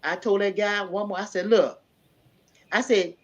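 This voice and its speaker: A woman, a panel guest telling a story in casual chat and acting out the loud parts. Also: medium pitch, moderate pace, pauses often. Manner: animated, builds to loud acted-out quotes.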